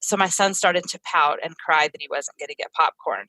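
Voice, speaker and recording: A woman's voice: sits low, a little fast, dry recording, rough recording. Earnest woman explaining parenting ideas. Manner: earnest, explains through family stories, lively acted asides. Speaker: parenting educator and guest. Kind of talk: conversational teaching in an interview.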